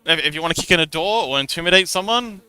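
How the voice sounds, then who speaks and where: A man's voice: fairly high pitch, animated, quick pace, sharp tone, smooth, dry recording. A young man hosting a livestream, casually explaining how a tabletop game works, giggling and rambling with lots of restarts. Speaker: livestream host.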